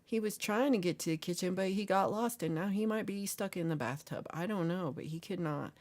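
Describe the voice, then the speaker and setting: A woman's voice: on the low side, brisk, a little mellow. A woman hosting a casual livestream, playfully reading and answering chat comments and teasing her viewers. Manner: jokey and teasing. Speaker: livestream host.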